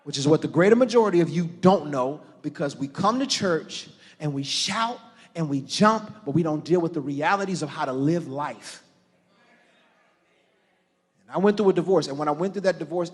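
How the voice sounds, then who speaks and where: A middle-aged man preaching a sermon to a church congregation, building to shouted fervor and calling out to the crowd. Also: on the high side, breathy edge. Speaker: pastor. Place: large church hall. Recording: live church sermon with long hall reverb.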